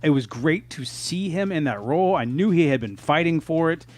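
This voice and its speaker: Man, casual podcast chat, animated, swears a lot, slightly high voice. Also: normal speed. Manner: animated, profane, laughs often. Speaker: podcast co-host.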